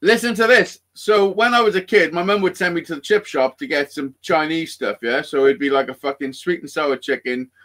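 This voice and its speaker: A man's voice: on the high side, fairly quick, hardly any pauses, a bit bright. A man, chatting casually on a live stream and telling stories with plenty of swearing and laughter. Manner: sweary, storytelling, laughs often. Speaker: co-host.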